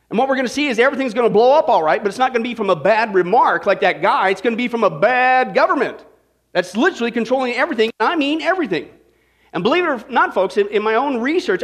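High-voiced energetic male preacher. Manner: energetic, joking storyteller preaching. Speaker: pastor. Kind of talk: sermon.

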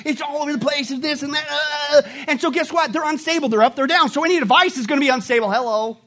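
A man preaching a sermon, animated, asking the congregation rhetorical questions and acting out quick mock voices. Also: very high voice. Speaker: pastor.

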